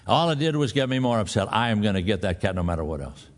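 A man's voice: fairly low pitch, big pitch swings, fast. A male pastor preaching a sermon, telling a folksy personal story and then pressing his point with emphatic exhortation.

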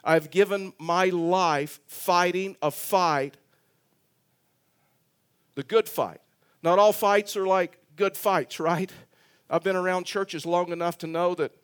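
Older high-voiced preaching pastor. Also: male voice, clean tone. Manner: emphatic preaching with repetitions and storytelling. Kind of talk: sermon. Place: church sanctuary.

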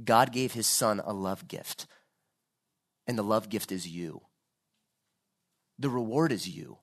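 A man's voice: on the low side, takes it slowly. A man preaching a sermon, earnest and building to fervent pleading.

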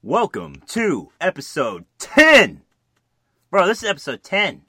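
A man's voice: sits high, wildly swooping pitch, a little slow, noisy background. A man co-hosting a casual podcast, trading crude jokes and teasing banter over a beer. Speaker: podcast co-host.

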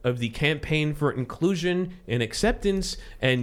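A man's voice: a little high, animated, a little slow. A man hosting a casual podcast chat, rambling with asides and restarts. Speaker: podcast host.

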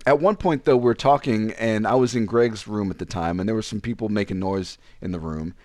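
Speaking fairly quickly in studio-quality audio with no room sound, a young man shares a personal story on a podcast in a casual way. He's animated and performs the quoted lines of the people involved, jumping in pitch.

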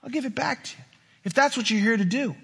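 A man's voice: very high voice, fast, creaky, bright, forceful tone, breathy edge, pitched above the performer's own voice, exaggerated voice. A man voicing a scheming male devil who coaxes and tempts, in a reverberant hall. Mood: coaxing. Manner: coaxing, persuasive.

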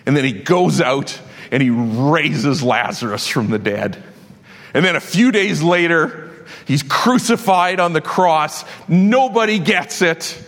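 A man's voice: a little high, lively intonation, takes it slowly, a bit bright. Passionate preacher man in a reverberant hall. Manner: passionate, builds to emphatic declarations. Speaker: pastor. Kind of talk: sermon.

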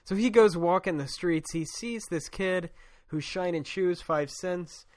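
A man's voice: sits high, a little slow, a little mellow, no room sound, studio quality. Chatty man recapping a comic. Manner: chatty, laughs often, acts out quotes loosely. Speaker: podcast co-host. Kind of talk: casual chat recapping a comic story.

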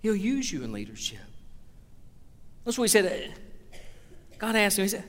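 A man's voice: high-pitched, wildly swooping pitch, moderate pace, pauses often. A man, preaching a sermon as pastor, earnest and building to emphatic exhortation. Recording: long reverb of a large hall.

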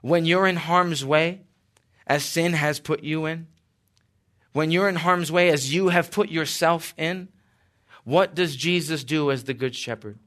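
A man preaching a sermon as pastor, slow and emphatic with dramatic pauses and light asides. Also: a little high, fairly bright tone.

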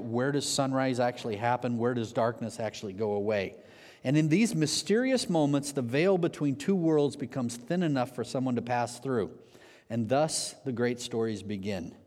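Man, preacher, animated storytelling, sermon, long echo of a big hall. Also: medium pitch. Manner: animated storyteller, acts out shouted quotes.

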